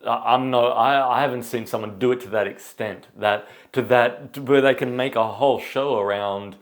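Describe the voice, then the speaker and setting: Man hosting, halting and searching for words. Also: medium pitch, fairly even intonation. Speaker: host. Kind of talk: casual interview chat.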